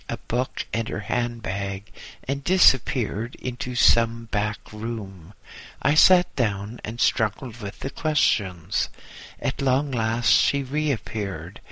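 A man reading a memoir aloud in a measured, precise way. His low voice is gravelly and husky, yet bright on top. The pace is slow and the sound close and dry. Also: dry recording. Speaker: narrator. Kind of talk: audiobook narration.

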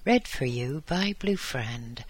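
An audiobook reader narrating a story in a slow, deliberate manner. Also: medium pitch, expressive, husky, rough recording.

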